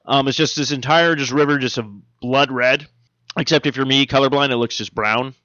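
A man's voice: medium pitch, fairly even intonation, a little fast, pushed and bright, no echo. Guy rambling thru weird news on a podcast, lots of ums, jokey, dull dry audio. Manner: rambling, jokey, many fillers and restarts. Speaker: podcast co-host. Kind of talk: casual chat reading odd news.

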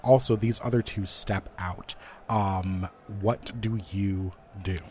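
A man's voice: low voice, fairly even intonation, takes it slowly, darkish tone, a little hiss or hum. A man narrating and running a tabletop role-playing game in a playful manner, with frequent fillers. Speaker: game master.

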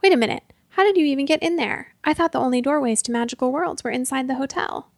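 A woman's voice: high voice, fast talker, gravelly, no echo, clean studio sound. A woman voicing a tired, earnest young man who runs a hotel. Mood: uneasy. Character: weary young male hotel manager.

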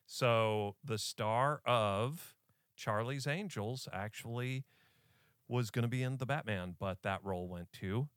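A man's voice: medium pitch, slow, a bit bright, smooth, no room sound, studio quality. A man hosting a podcast in casual chat, jokey and often laughing. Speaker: podcast host.

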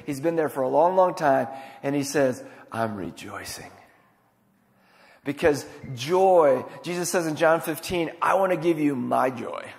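A man's voice: fairly high pitch, vocal fry. Emphatic male pastor in a reverberant hall. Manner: emphatic, swinging from loud to hushed. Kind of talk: sermon.

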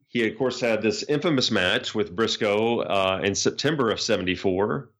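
A man with a fairly low voice hosts a podcast in relaxed conversation. He tells stories at length and leads into the next clip. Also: normal speed, gravelly, hardly any pauses. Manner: storytelling, introduces clips. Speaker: podcast host. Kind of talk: casual chat.

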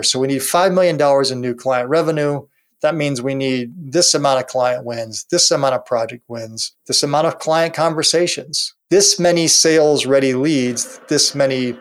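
A middle-aged man co-hosting a business podcast, talking casually with restarts and short laughs. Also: mid-range voice. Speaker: podcast co-host.

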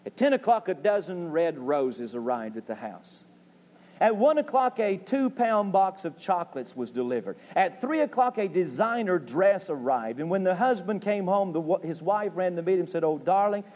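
A man's voice: high-pitched, very animated, normal speed, darkish tone. A man preaching a sermon in a folksy, joke-telling way, building to emphatic calls for an amen. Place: church sanctuary. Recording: long reverb of a church hall.

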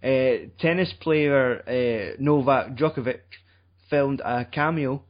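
A young Scottish man hosting a casual film review chat, rambling and swearing in a deadpan way. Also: mid-range voice, slow, highs cut off. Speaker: podcast host.

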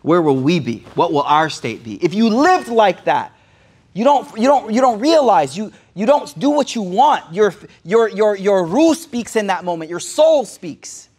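A man's voice: high-pitched, big pitch swings, measured pace, darkish tone. A man preaching, retelling a story with casual slang and Arabic quotes mixed in. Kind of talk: sermon storytelling.

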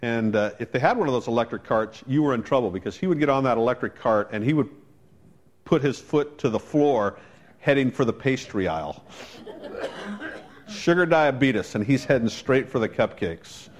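A man's voice: medium pitch, lively intonation, moderate pace. A man preaching a sermon as a pastor, telling a personal story in a conversational way with wry asides.

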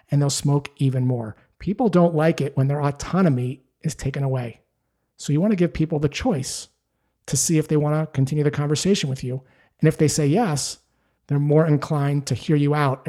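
Man, sales coach, scripted lesson, slightly high pitch, soft mellow tone, steady explaining. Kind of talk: scripted instructional talk.

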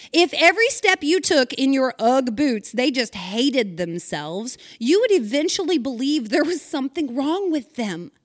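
A woman's voice: high-pitched, no echo, clean studio sound. A woman giving a folksy, chatty, sermon-style devotional talk to women, with teasing, emphatic asides.

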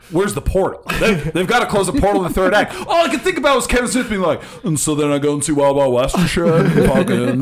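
A man in his thirties chatting casually about a movie, swearing and ranting with animated outbursts. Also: very high voice. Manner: animated, swearing, rants loudly. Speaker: podcast co-host. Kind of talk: casual chat.

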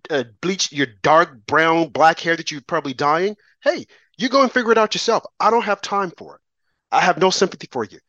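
A man's voice: fairly high pitch, fairly bright tone, no room sound, dull audio. A man ranting about politics in a combative, preachy and emphatic way. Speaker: political commentator. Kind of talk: opinionated political rant.

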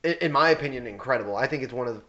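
A man, co-hosting a casual movie podcast in an excitable, animated way, saying "dude" and "like" a lot. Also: mid-range voice, very fast, dull audio, crowd noise. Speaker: podcast co-host. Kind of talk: casual chat about a movie.

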